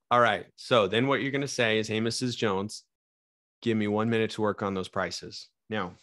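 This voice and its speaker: Young guy coaching his sales team, energetic and up and down, lowish voice, dry sound. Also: no room sound. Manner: energetic, up-and-down delivery, talks straight to his trainees. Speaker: sales trainer. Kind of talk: live sales training session.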